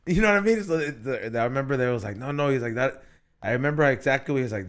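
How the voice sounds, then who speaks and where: A man's voice: mid-range voice, rapid-fire. A man co-hosting a podcast in casual chat, telling stories in a slangy, laid-back way with lots of restarts. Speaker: podcast co-host.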